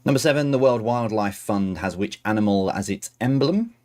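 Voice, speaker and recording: Male quiz host, lowish voice, reads questions and cracks self-deprecating jokes. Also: moderate pace, darkish tone. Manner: chatty, self-mocking asides between questions. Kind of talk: reading quiz questions on a stream.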